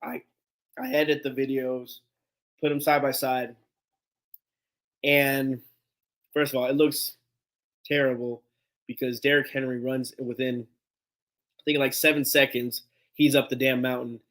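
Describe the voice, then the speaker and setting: Man, live stream host, casual storytelling, animated, rambling, laughs often, casual swearing, mid pitch. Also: unhurried, pauses often. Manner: breaks into laughs while telling a story. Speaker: sports fan show host.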